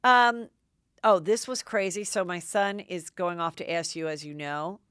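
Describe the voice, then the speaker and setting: A middle-aged woman hosting a podcast, recapping gossip in an excitable, chatty way with lots of "like". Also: lowish voice, normal speed, clean tone, no echo, studio quality. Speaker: podcast host. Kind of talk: casual gossip commentary.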